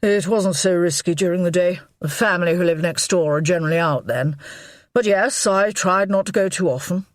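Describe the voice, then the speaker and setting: A woman's voice: on the low side, brisk, no echo, studio quality, pitched above the performer's own voice, close to an everyday voice. A woman voicing a dogged, defensive husband. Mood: explaining. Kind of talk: audiobook character voice.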